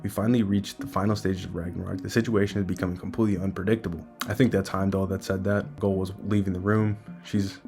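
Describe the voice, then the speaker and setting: A man's voice: deep voice, little pitch movement, quick pace, vocal fry, hardly any pauses, a little mellow, faint music behind. A man giving an enthusiastic, speculative casual breakdown of a manga chapter.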